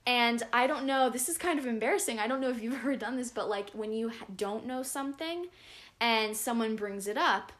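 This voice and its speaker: Speaking briskly in a fairly high, fairly bright voice, a young podcast host rambles through a casual conversation with a friend, her talk full of filler words.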